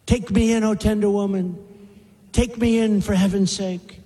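Sly snake in a poem, read by a man, slow and high-pitched, hall echo. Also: steady tone, mellow, lightly acted. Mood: pleading. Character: vicious sly male snake begging to be taken in.

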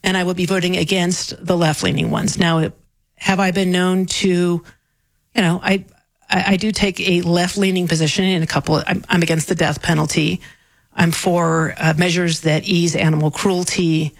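A woman's voice: on the low side, flat delivery, normal speed, no echo, low-quality recording. A woman guest-hosting a talk radio show, candid and opinionated, speaking casually into a studio microphone. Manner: candid, opinionated, self-deprecating.

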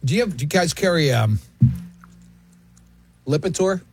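A man's voice: a little high, animated, normal speed, darkish tone, faint music behind. A man hosting a radio show in casual studio banter, joking and talking while eating. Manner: joking, chatty, talks with mouth full.

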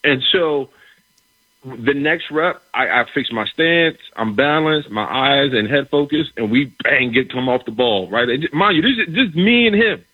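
A middle-aged man, a former football player, telling a locker-room story in a lively way, repeating words and acting out what others said. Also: medium pitch, measured pace, breathy edge, no room sound, narrow, tinny audio. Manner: animated, repeats words, acts out quoted dialogue. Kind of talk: casual storytelling.

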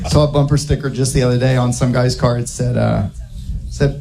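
A man doing a stand-up comedy set, telling a rambling absurd story in a deadpan way. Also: medium pitch, brisk, creaky, crowd noise.

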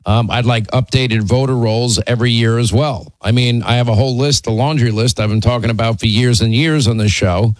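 A man's voice: medium pitch, fairly even intonation, brisk, few pauses, dry recording, low-quality recording. A man hosting a call-in radio show, talking emphatically and often restarting his sentences. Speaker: radio talk show host.

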